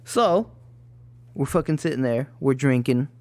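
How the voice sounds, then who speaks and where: A man's voice: medium pitch, animated, measured pace, darkish tone. Profane man telling a wild club story. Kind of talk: casual storytelling chat.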